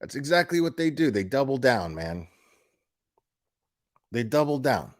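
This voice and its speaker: A young man talks straight to his live chat in a blunt, profane rant. He heats up and mocks as he goes, and keeps restarting his sentences. His voice sits at an ordinary middle pitch. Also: sing-song, unhurried, no echo, studio quality. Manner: blunt, profane, heated and mocking; repeats and restarts words often. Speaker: YouTube commentary streamer. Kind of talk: casual live-stream commentary.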